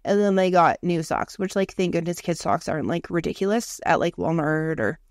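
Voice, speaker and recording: A woman's voice: on the low side, brisk, no room sound. Dry-sounding woman chatting casually. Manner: chatty, swears freely, lots of "like". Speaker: podcast co-host. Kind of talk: casual chat. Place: lives in Canada.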